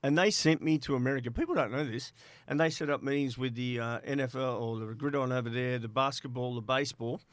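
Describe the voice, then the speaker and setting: A man's voice: mid-range voice, fast talker, hardly any pauses, dry recording. A middle-aged Australian man, a former player agent, telling stories in a podcast interview and acting out the voices in them. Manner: lively anecdote teller who acts out quoted voices. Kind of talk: animated storytelling in a podcast interview.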